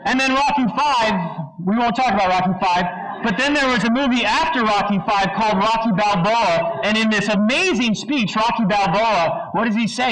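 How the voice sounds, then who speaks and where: High-voiced preacher quizzing a congregation. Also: male voice, moderate pace, hardly any pauses, rough recording. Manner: animated storyteller, asks the audience questions; brief movie-line impressions. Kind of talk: sermon.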